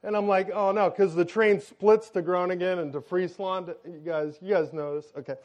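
A man preaching to a congregation, telling a personal story in an animated way and often turning to the audience with questions. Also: sits high, moderate pace. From United States.

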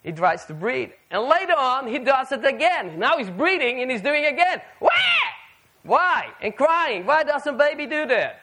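Very high-voiced, animated male preacher. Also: moderate pace, hardly any pauses. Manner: animated, asks the audience rhetorical questions. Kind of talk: sermon to a live audience.

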